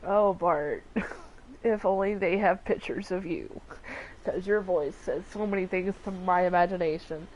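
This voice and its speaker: A woman's voice: lowish voice, a little slow, a little mellow, muffled recording, a little hiss or hum. A woman with a Southern US accent, chatting through gaming commentary in an effusive, rambling way. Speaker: let's play host.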